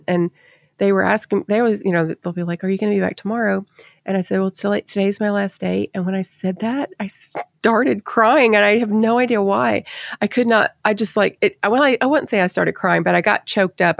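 A woman co-hosting a nursing podcast, telling a candid story in casual chat and halting at the emotional parts. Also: medium pitch, creaky, no room sound, clean studio sound. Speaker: nurse podcast co-host.

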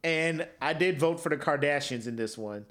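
A man's voice: on the high side, moderate pace. A man co-hosting a comedy podcast who teases, laughs often and fires questions in casual chat. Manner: laughing, teasing, lively questioning. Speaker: podcast co-host.

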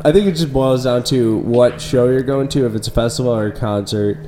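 A man in casual podcast chat, laid-back and quick to agree. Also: mid-range voice, crowd noise. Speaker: podcast co-host.

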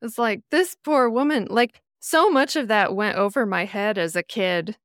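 A woman's voice: medium pitch, moderate pace, no room sound, clean studio sound. A woman from the American Midwest, a podcast guest chatting casually and acting out the people she quotes. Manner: animated storyteller, acts out quoted voices.

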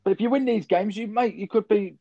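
A man hosting casual football chat, matey and brisk, running through results. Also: sits high, mellow, dry recording. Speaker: podcast host. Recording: dull dry lo-fi sound.

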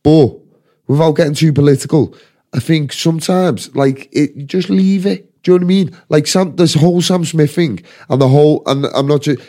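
A man's voice: fairly high pitch, normal speed, warm tone. A man with a Scouse accent, hosting a casual comedy podcast, ranting and swearing as he rambles. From Liverpool, England. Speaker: podcast host. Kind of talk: casual chat.

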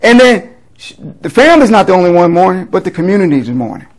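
A pastor reading scripture aloud and explaining it in a conversational teaching sermon, often checking in with a quick rhetorical question. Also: male voice, sits high, sing-song, low-quality recording.

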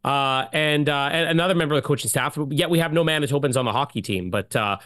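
A man co-hosting a sports podcast, chatty and quick to laugh. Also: on the high side, fairly bright tone, no echo, studio quality. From Canada. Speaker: podcast co-host. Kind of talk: casual podcast chat.

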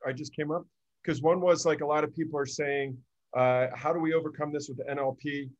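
A man's voice: on the high side, fairly even intonation, brisk, muffled recording. A male co-host asking questions in a tentative, rephrasing way. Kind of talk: casual interview questions.

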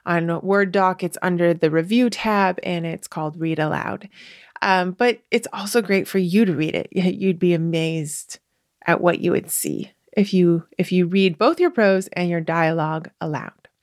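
A woman with a slightly low voice hosts a podcast and shares writing advice. She talks casually, with lots of fillers and self-corrections and the odd light laugh. Her voice sits close to the mic in a very dry, dead-sounding recording. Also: moderate pace, no room sound. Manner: chatty, many fillers and restarts; laughs lightly while explaining.

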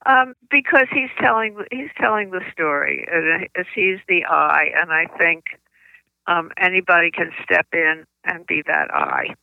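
An older woman, a children's book author, telling stories in an interview, with halting speech and frequent restarts, on slightly muffled lo-fi audio. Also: lowish voice, very animated, creaky, no room sound. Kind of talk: conversational interview storytelling.

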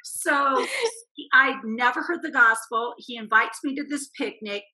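A woman telling a personal faith testimony as a guest, animated and acting out the voices in her quotes. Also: a little high, measured pace, rough recording.

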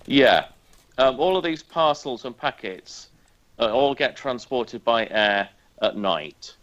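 A man's voice: mid-range voice, expressive, slow pace, a bit bright, lo-fi sound. A man chatting casually as a podcast co-host, hesitant with many ums and a dry sense of humour. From northern England. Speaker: podcast co-host, airline pilot. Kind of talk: casual chat.

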